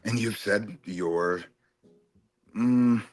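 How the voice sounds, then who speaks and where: A man's voice: on the low side, very slow, no room sound, soft background music. A man in a heated, casual stream chat, taunting and swearing at another panelist. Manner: profane, taunting, confrontational.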